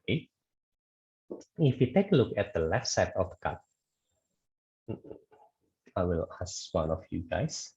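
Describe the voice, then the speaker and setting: Male lecturer, low expressive voice, halting with fillers, dull video-call sound. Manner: hesitant, many fillers and restarts, checks with "okay". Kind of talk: online statics lecture.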